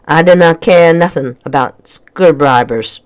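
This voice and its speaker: A reader doing a gruff Scottish hermit. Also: measured pace, natural voice. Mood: grumbling. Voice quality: deep and grumbling. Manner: gruff, curt, unwelcoming. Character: grumpy small bearded old hermit man in a kilt. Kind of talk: storybook reading.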